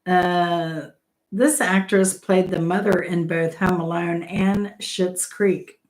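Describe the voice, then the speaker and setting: A middle-aged woman hosts a casual live-stream trivia game, reading each question aloud and then greeting viewers by name. She speaks in an unhurried, drawn-out way. Her voice sits a little low, and she laughs often between lines. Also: steady tone, low-quality recording.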